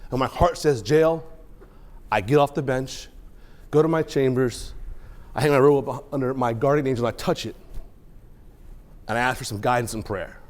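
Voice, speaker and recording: A male judge addresses a room of students in a courtroom, telling a story. His voice sits in the middle range and he drifts from hushed, choked-up moments to loud, excited bursts. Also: mid-range voice, a little fast, long pauses. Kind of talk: emotional speech to students.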